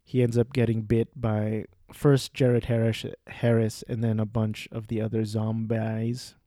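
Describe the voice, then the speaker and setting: A man's voice: fairly low pitch, completely flat delivery, unhurried, dark tone, dry recording, clean studio sound. A man casually recapping a movie plot, rambling with fillers and self-corrections. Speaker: movie reviewer.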